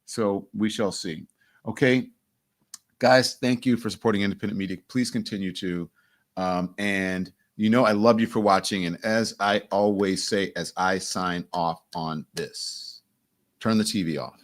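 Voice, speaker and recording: A man's voice: lowish voice, steady tone, unhurried. A man hosting a casual live stream who chats loosely and greets viewers one by one by name. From United States. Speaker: host.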